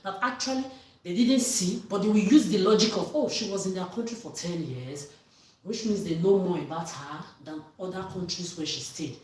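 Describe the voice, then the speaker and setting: A woman's voice: fairly low pitch, normal speed, a little mellow. Ranting woman in an echoey room. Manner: ranting, accusatory, swearing, often raising her voice. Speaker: vlogger. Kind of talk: angry monologue to camera. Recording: echoey room, far from mic.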